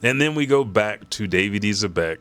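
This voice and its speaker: A man with a deep, low voice reads a comic chapter aloud on a live stream, narrating panels and dropping casual asides. He swears freely and talks like he's hanging out with viewers. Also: expressive, fairly quick, a bit bright, smooth, no room sound. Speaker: host reading and reacting to a comic chapter. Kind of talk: casual live reaction reading.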